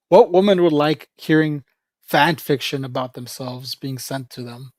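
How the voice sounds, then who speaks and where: A man's voice: fairly high pitch, unhurried, dry recording, studio quality. A man livestreaming in a casual, rambling chat, joking with viewers, laughing often and calling people "bro".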